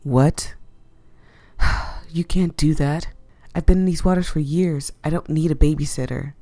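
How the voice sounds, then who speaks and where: A woman's voice: deep voice, a little slow, no echo. A woman voicing a weary young male ghost-catcher in a visual novel, dry and sarcastic in his first-person narration. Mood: exasperated. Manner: deadpan, sarcastic. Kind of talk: visual novel read-aloud.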